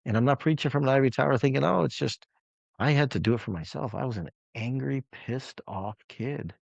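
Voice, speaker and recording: A man's voice: mid-range voice, a little fast, gravelly, no echo, lo-fi sound. A man coaching clients on a live call, telling a story in an emphatic, conversational way.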